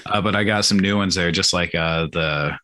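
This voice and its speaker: Deep-voiced man in his thirties, bright tone. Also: moderate pace. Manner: rambling, profane, many "like" fillers. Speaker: podcast co-host. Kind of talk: casual chat.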